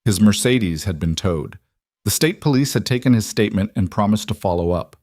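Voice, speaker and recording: A man narrating a scripted dramatic story in a steady, even manner. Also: lowish voice, fairly quick, dry recording, studio quality.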